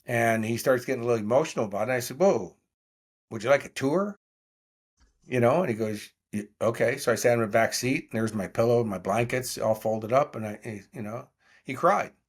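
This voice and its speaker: A man in his sixties, appearing as a podcast guest, tells stories in an interview and animatedly acts out the dialogue of the people in them. His medium-pitched voice is slightly rough, and he talks fast.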